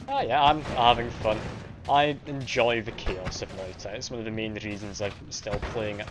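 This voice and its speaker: Over background music, a Scottish man with a mild accent and a fairly low voice chats at a moderate pace with fairly even intonation. He's streaming a game, joking at his own expense and responding to viewers' chat messages.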